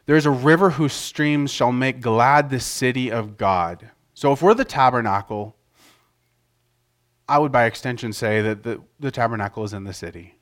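A middle-aged man giving a relaxed sermon at an ordinary, middle pitch. He talks in a conversational way and often restarts his sentences. Now and then he acts out a quote loudly. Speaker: preacher. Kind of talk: casual sermon.

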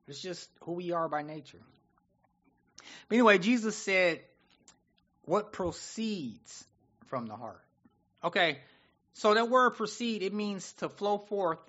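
Male preacher, fairly high, bright voice, lively chatty sermon delivery. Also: muffled recording. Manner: animated, conversational, acts out voices of people.

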